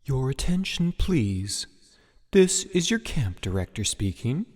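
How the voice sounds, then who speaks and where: A man voicing a young, wry acting camp director who makes deadpan announcements. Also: medium pitch, takes it slowly, in a large hall, faint music behind.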